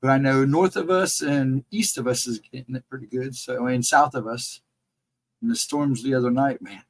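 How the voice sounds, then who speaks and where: Hoarse man chatting casually on a livestream. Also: mid-range voice, normal speed, poor audio. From central Ohio, United States. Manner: rambling, chatty, greets viewers by name. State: voice cracking, fighting laryngitis. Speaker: livestream co-host.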